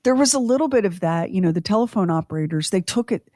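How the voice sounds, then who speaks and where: Woman, fifties, podcast host, casual tangents, mid-pitched, dry close sound. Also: animated, fast, mellow, no echo. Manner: chatty, tangential, self-deprecating humor.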